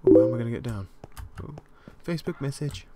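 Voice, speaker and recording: A man's voice: medium pitch, expressive, fast talker. Jumpy young man playing a game. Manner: jumpy, easily scared, yelps and shouts in panic. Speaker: gaming channel host. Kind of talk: casual game commentary. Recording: loud keyboard clicks and noise.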